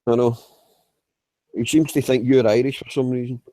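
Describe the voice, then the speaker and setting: A man's voice: medium pitch, steady tone, moderate pace, mellow, dry recording. A man chatting casually in an online voice room, swearing freely, laughing a lot and rambling with restarts. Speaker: chat room regular. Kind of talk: casual online group chat.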